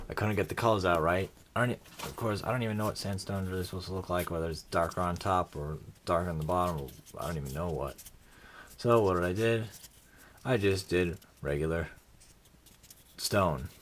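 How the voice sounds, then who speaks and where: A tired, yawning man with a low but fairly bright voice chats casually about his hobby crafting for a video, rambling and poking fun at himself. There's a little hiss or hum.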